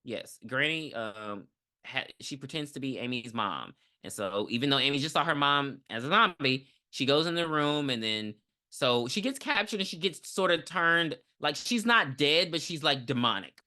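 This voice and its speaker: A woman podcast co-host recapping a movie in a casual, profane, animated way, acting out lines as she goes. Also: extremely low pitch, moderate pace.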